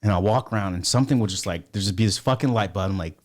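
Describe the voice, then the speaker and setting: A man's voice: on the low side, quick pace, a little mellow. A man telling rambling stories as a podcast guest, swearing constantly in casual talk. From United States. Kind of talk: casual storytelling.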